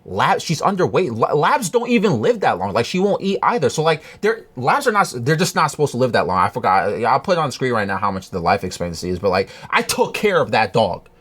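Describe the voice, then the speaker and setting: A man telling a personal story to camera in a halting, earnest way, with many restarts and fillers. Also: mid-range voice, big pitch swings, a bit bright, breathy edge. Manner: earnest, confiding. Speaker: vlogger.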